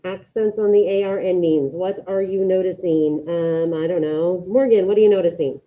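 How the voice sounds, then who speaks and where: A woman teaching a Spanish class to students in the room and online, giving brisk, repeated instructions and modeling pronunciation. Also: on the low side. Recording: dull lo-fi classroom audio.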